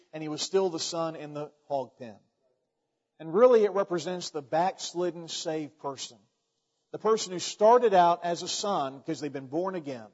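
Folksy male preacher, higher-pitched voice, dull muffled recording in a big echoing hall. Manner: folksy storytelling with frequent restarts. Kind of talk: sermon.

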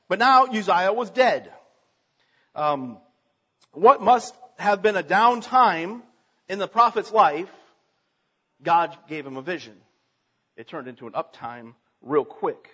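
High, husky-voiced preacher. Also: male voice, expressive, measured pace, pauses often, fairly bright tone, in a large hall. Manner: earnest, reading aloud with small slips and restarts. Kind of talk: sermon with scripture reading. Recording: dull lo-fi recording.

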